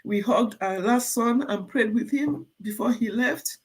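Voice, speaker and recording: A woman's voice: fairly high pitch, a little slow, slightly rough. Older woman, live stream host, heartfelt, chatty, addresses commenters by name. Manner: emotional, tearful at times, talks directly to commenters. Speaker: channel host. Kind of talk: live stream chat to viewers.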